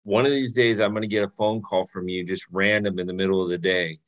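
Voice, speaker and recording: A man hosting a podcast, chatting casually and relaxed with his guest. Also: sits low, fast, highs cut off. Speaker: podcast host. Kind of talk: casual interview chat.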